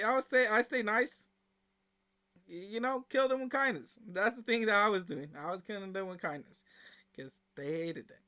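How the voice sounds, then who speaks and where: A young man with a high, bright voice chats casually to his viewers. He rambles through his stories with plenty of fillers and slang, in a loose, informal way. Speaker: reaction video host. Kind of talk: casual storytelling to camera.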